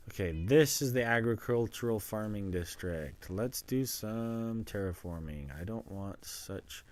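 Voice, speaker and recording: A man's voice: on the low side, animated, unhurried, hardly any pauses, darkish tone, a little hiss or hum. A man streaming himself playing a game, casually narrating what he does and chatting to the animals in it. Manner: rambling self-narration, chatting to pets. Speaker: livestreamer. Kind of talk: casual gameplay commentary.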